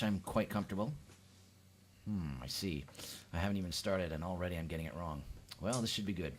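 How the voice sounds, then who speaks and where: A Canadian man doing a seated at-home stand-up comedy routine, deadpan, with sudden jumps into high-pitched quoted voices. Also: fast talker. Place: at home, lives in the UK.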